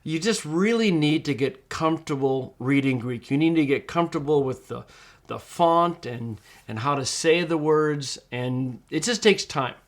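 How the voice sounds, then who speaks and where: Man, patient screencast teacher, reads syllable by syllable, slow delivery. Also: on the high side. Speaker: Greek teacher. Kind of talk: screencast tutorial.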